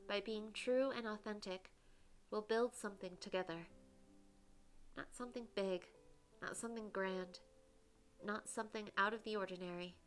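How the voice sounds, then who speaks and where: A woman reading a dating game aloud as the heroine, breaking off to gush and comment between lines. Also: medium pitch. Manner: gushing, giggly asides between narration.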